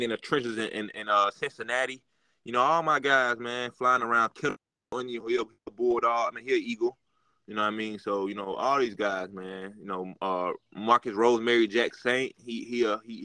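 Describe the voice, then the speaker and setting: A man co-hosting a sports podcast, rambling and excitable, full of fillers and restarts. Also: medium pitch, smooth, dry recording, rough recording. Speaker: podcast co-host. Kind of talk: casual sports chat.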